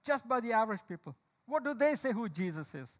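A male preacher with a very high voice delivers a sermon. He asks the congregation questions and calls on people by name. He slows right down to press home each key line. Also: big pitch swings. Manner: slow, emphatic delivery of key lines. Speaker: pastor.

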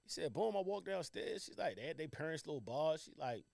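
A young man on a podcast telling a long, slangy story among friends, rambling and quoting others in quick bursts. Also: fairly high pitch, big pitch swings, gravelly, a little mellow, no room sound. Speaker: podcast co-host.

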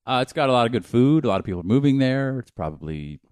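A man's voice: medium pitch, lively intonation, fast, a little mellow, dry recording. A man co-hosting a podcast, joking and swearing freely, rambling through casual explanations. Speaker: podcast co-host. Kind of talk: casual chat.

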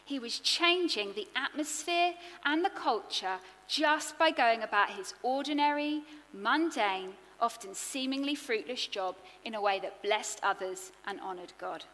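Bright-voiced woman preaching. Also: fairly high pitch, measured pace, few pauses, in a large hall. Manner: earnest, expressive, rhythmic lists. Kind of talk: sermon.

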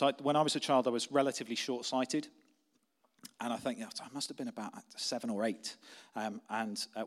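A young adult man preaching a sermon as pastor, conversational and story-driven, dropping to a quiet, intense tone for key points. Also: medium pitch.

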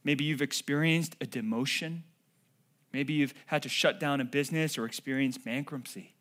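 A man preaching a sermon, swinging from loud, emphatic declarations to hushed, quiet passages as he addresses the congregation directly. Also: medium pitch, moderate pace. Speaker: pastor.

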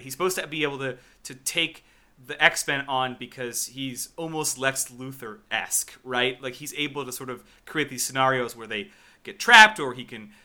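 A man's voice: medium pitch, sharp tone. A man co-hosting a casual movie review podcast, recapping scenes with wry, profane exasperation. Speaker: podcast co-host.

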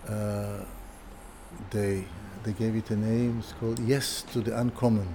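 A lowish, level male voice speaks over a noisy background. The speaker, an older furniture designer and interview guest, tells a casual story in a halting manner, with many restarts and repeated words.

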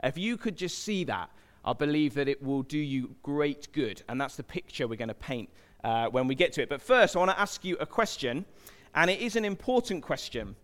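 In a church hall full of long reverb, a man gives a sermon in a slightly high, animated voice at a brisk pace. He keeps it conversational, talking with the crowd and putting questions to it.

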